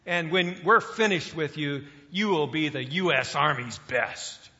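A man putting on a gruff, raspy army drill sergeant who barks orders loudly, with echo on a dull recording. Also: fairly high pitch, a little slow. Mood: commanding. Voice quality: raspy, growling. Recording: echoey hall, dull lo-fi sound.

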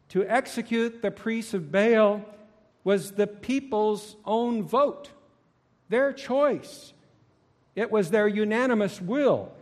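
A man preaching a sermon, swinging dramatically between hushed low tones and loud shouting. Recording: long hall reverb.

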